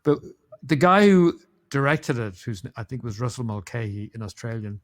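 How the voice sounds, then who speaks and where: An Irish man chats on a podcast about an old film. He rambles in an amused way, with many fillers and restarts, and his voice sits at a middling pitch. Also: lively intonation, moderate pace. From Ireland. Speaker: podcast co-host. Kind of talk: casual chat about a film.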